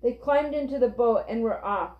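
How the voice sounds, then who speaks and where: A woman reading a children's book aloud with clear, steady storytelling. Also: fairly high pitch, moderate pace. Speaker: reader. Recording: roomy, dull lo-fi.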